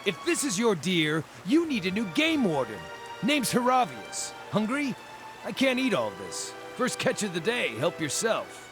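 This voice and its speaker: A man's voice: sits high, measured pace, exaggerated voice. A man voicing a cheerful small male Orlan druid in a video game, talking with jovial relish, over game music. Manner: jovial and relishing, lively sing-song delivery. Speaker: game character.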